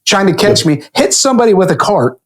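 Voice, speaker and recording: Profane, animated man telling stories. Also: fast. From California. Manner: swings to high pitch when riled. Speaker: podcast guest. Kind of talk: casual chat.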